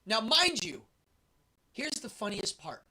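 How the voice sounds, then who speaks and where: Man, rambling storyteller, lots of fillers, bright husky voice. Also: high-pitched, slow. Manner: animated, rambling with many fillers. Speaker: host telling a travel story. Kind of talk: casual storytelling.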